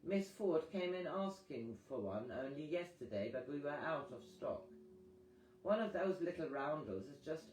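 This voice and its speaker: A man's voice: fairly high pitch, lively intonation, a little slow, a little mellow, a little hiss or hum. A man reading aloud who voices a chatty, kindly village postmistress with a lilting Welsh accent. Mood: helpful. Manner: gossipy, kindly, reassuring. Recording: echoey reading over guitar music.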